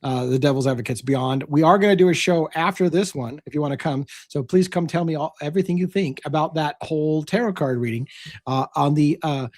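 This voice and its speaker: A man's voice: a little high, brisk, a little mellow, no room sound, clean studio sound. An older man co-hosting a casual live stream panel, joking and self-deprecating as he thanks viewers.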